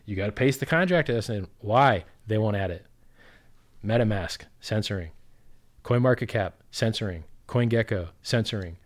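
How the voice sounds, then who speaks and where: A man ranting in a casual chat, swearing constantly, with sudden loud outbursts and sarcastic mock quotes. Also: on the low side, normal speed. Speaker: crypto project founder, guest.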